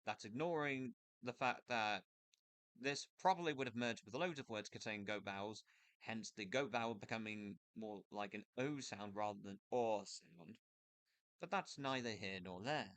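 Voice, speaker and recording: A man giving a casual spoken explainer over a screen recording, thinking aloud in a loose, hesitant way with pauses and restarts. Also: fairly low pitch, fairly bright tone, dry recording. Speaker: video creator explaining accents. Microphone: computer mic with screen capture.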